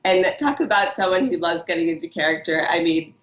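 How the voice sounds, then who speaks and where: A woman's voice: on the low side, expressive, a little fast. A woman costume designer chatting as an interview guest, bubbly and enthusiastic, laughing often. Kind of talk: casual interview chat. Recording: echoey room.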